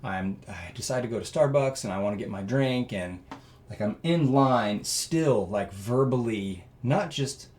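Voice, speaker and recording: A man guest telling a personal story in an interview, earnest and rambling with many fillers, growing loud and animated at emotional moments. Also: mid-range voice, unhurried.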